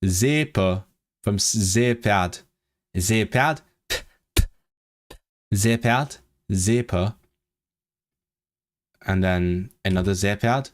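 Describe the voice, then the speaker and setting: A man's voice: on the low side, slow, long pauses. A man chatting casually on a live stream, thinking aloud and eagerly sounding out foreign words. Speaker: language-learning streamer.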